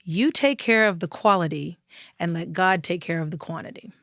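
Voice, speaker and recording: Lively woman telling stories, dry close sound. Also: lowish voice, normal speed, no room sound. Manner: lively storyteller, acts out voices and laughs often. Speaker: interior design guest. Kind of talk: casual interview chat.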